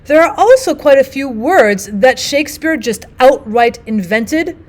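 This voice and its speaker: A woman's voice: high-pitched, animated, measured pace. Woman teacher explaining literature. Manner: explanatory, reads quotes aloud with emphasis. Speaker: language arts teacher. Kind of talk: recorded lesson narration.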